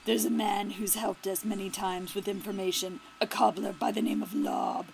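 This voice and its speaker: A woman voicing a young male outlaw bringing urgent news, in a brisk, raised reading. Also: medium pitch, steady tone, gravelly, darkish tone, faint music behind, lightly acted.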